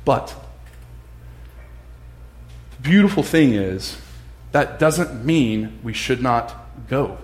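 Animated preacher in an echoey room. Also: male voice, medium pitch, slow, long pauses. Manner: animated, acts out voices of others. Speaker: pastor. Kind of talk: casual sermon.

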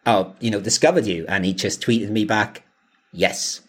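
A man's voice: fairly low pitch, moderate pace, breathy edge. Chatty rambling male podcast co-host. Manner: rambling, lots of fillers and restarts, laughs often. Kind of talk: casual chat.

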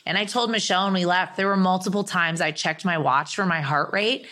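A young adult woman, a podcast guest, telling a story in an excited, rambling way full of fillers. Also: on the low side, fairly quick. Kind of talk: casual chat.

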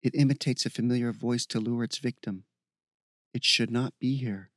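Brief: measured, formal woman warrior of the woods, voiced lightly by a man, storybook read. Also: medium pitch, fairly even intonation, a bit bright, dry recording, studio quality, close to an everyday voice. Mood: grave. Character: calm, formal woman swordswoman of the forest.

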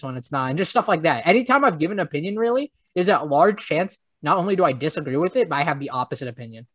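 A man's voice: fairly high pitch, animated, quick pace, hardly any pauses, a bit bright, husky, no room sound. A young man hosting a casual podcast, rambling and hesitant, poking fun at himself. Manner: rambling, hesitant, self-deprecating. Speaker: podcast host. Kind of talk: casual chat.

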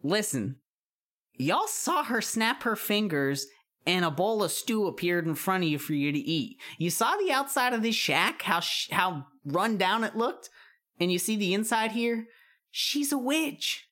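A woman running a tabletop game as game master, casual and quick to laugh, saying "y'all". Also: medium pitch, lively intonation, a bit bright.

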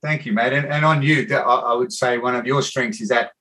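An Australian man hosting a casual podcast chat. He tells animated, rambling stories and calls people "mate" often. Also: mid-range voice, brisk. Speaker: podcast host.

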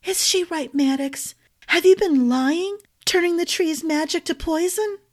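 A woman reading aloud voices a frail, gentle young queen who is naive and trusting, speaking softly and earnestly. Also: extremely high pitch, a little slow, pitched above the performer's own voice. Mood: pleading.

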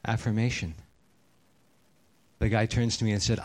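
A middle-aged pastor delivers a sermon in a fairly low voice. He tells his story earnestly and lets it sink to a hushed, unhurried tone when the subject turns serious. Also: fairly even intonation.

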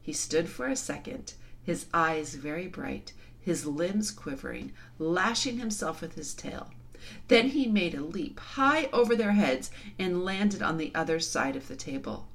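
A woman reads a children's novel aloud with expressive, dramatic storytelling. Her voice sits low but moves a great deal in pitch, giving the narration life. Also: unhurried, creaky. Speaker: storybook reader.

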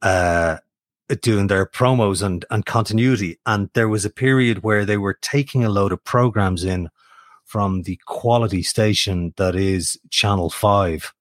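Low-voiced Irish man telling stories. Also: unhurried, no room sound, clean studio sound. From Ireland. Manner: anecdotal, self-deprecating, with frequent restarts. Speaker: voice actor and audiobook narrator guest. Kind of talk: casual interview chat.

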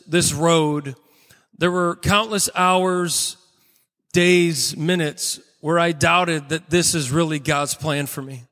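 High bright-voiced male pastor, echoey hall. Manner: earnest storytelling with dramatic pauses. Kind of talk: sermon.

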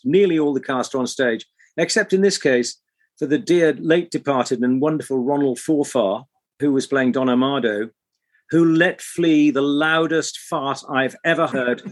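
A man, an actor guest, telling animated anecdotes. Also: on the high side. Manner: animated storyteller. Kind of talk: casual anecdote.

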